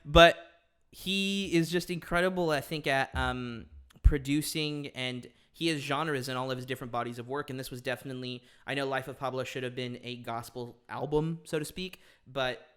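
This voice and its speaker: A man's voice: medium pitch, normal speed, few pauses. Chatty young man full of ums. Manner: animated, laughs often, many ums and restarts. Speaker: podcast guest. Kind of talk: casual chat.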